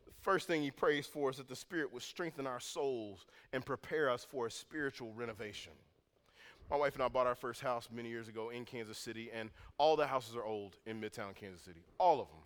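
A man preaching a sermon as pastor, moving from calm teaching to loud, intense passages. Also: mid-range voice, a little fast. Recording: long hall reverb.

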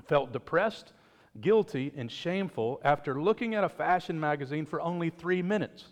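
Man preaching in a reverberant church. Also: fairly high pitch. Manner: conversational preaching with joking asides. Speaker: pastor. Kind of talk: sermon. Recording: long reverb of a church hall.

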